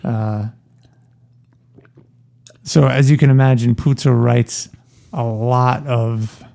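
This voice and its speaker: Gravelly, jokey male podcast co-host. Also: mid-range voice, fairly even intonation, takes it slowly, warm tone. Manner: jokey, laughs often. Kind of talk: casual podcast chat.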